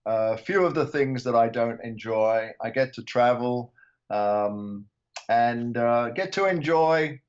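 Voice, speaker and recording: A man's voice: mid-range voice, slow, clean tone, lo-fi sound. An older man from England, a podcast guest, chatting casually with many ums and restarts. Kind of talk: casual interview chat.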